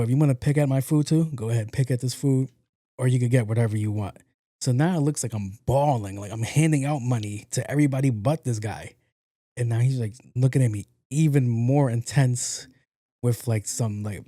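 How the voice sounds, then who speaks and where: A man tells a story on his podcast in a loose, conversational way and acts out other people's lines with some swearing. His voice is warm and mellow. The recording is dry and close, with no room sound. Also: mid-range voice, no room sound. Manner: animated, acts out quotes, profane. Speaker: podcast host. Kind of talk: casual storytelling monologue.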